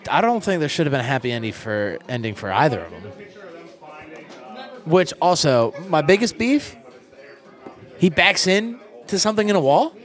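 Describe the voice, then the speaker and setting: A man's voice: a little high, big pitch swings, normal speed, pauses often, fairly bright tone. A young man hosting a casual comedic chat, joking crudely and laughing often.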